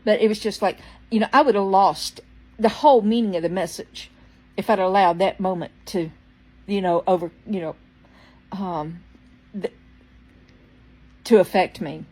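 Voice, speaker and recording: A woman's voice: medium pitch, moderate pace, long pauses, poor audio. Woman rambling thru a storytime, lots of um and restarts, little coughs. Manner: chatty, rambling with restarts and fillers; quotes people in changed voices, dropping to a hush for soft lines. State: occasional coughing from a tickle in her throat. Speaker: storyteller vlogger. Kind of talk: casual spoken storytime.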